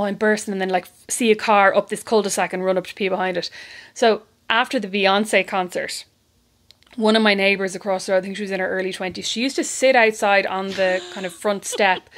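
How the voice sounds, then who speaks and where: Fast-talking Irish woman telling stories. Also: mid-range voice. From Ireland. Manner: animated storyteller acting out quoted voices. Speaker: podcast co-host. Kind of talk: casual storytelling chat.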